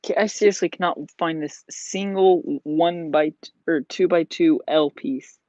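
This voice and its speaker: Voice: medium pitch, measured pace, darkish tone, no echo. Rambling vlogger chatting while building. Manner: rambling, lots of "like" and "you know". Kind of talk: casual chat while building. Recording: dull lo-fi sound.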